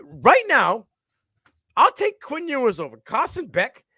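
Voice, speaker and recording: A male co-host giving animated, profane takes on a sports talk livestream. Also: very high voice, a little slow, husky, no room sound, clean studio sound.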